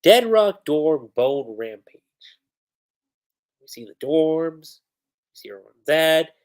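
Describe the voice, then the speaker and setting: A man chatting on a livestream with a lively voice that swoops up and down. He takes his time, speaking at an unhurried pace. He is excitable and peppers his talk with "like.". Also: on the high side. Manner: excitable, animated, full of "like" fillers, breaks into laughter. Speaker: manga reviewer on a livestream. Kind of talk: casual livestream commentary.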